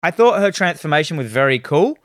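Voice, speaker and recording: A man chatting about old horror films, his pitch jumping all over as he retells gory scenes and swears freely. His voice sits a little high for a man, recorded close and dry with no room sound. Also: big pitch swings, a little fast, no echo. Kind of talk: casual film review chat.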